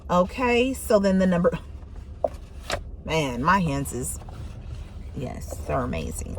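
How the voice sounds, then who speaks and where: A woman's voice: on the low side, sing-song, slow pace, noisy background. A woman giving a casual tarot reading, talking bluntly and swearing freely for emphasis. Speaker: tarot reader.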